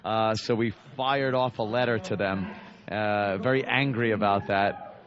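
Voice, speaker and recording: A man's voice: fairly low pitch, fairly even intonation, measured pace. A man co-hosting a radio show, cracking easygoing jokes from backstage at a live show. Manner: wisecracking, easygoing. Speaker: radio co-host. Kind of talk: casual radio chat. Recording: muffled broadcast with crowd behind.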